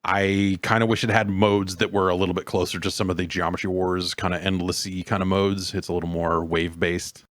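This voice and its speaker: A man hosting a casual podcast, rambling and halting, with dry sardonic remarks. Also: sits low, level tone, a bit bright. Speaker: podcast host. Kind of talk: casual chat.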